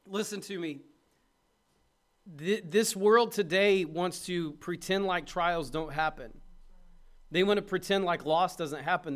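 A middle-aged man, a pastor preaching a sermon with impassioned urging that drops to soft tenderness. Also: sits high.

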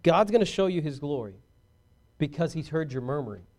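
A man preaching a sermon to his congregation, swinging between loud exhortation and hushed, earnest talk, and calling out for amens. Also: fairly high pitch, very animated, fairly quick. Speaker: pastor.

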